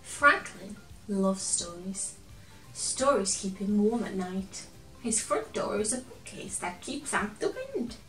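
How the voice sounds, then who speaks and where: A woman reads a children's picture book aloud in a gentle, expressive storytelling voice, pausing to chat with a toy friend. Her voice sounds set back from the mic in a roomy, echoey space. Soft music plays faintly beneath her. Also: mid-range voice, distant mic.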